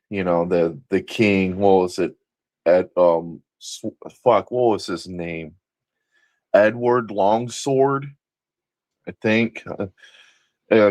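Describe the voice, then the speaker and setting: A man's voice: low voice, no room sound. A man in casual political chat on a stream, rambling and profane, often searching for words.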